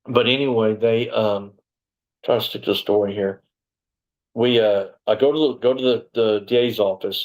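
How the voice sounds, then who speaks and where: A man's voice: on the low side, darkish tone, low-quality recording. A man from Texas, a former police officer telling his story in a casual interview, rambling and digressive with lots of "you know".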